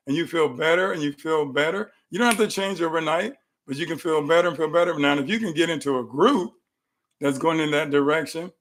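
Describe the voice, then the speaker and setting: A middle-aged man hosting a live health talk from his clinic room, telling animated stories and repeating phrases for emphasis. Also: a little high.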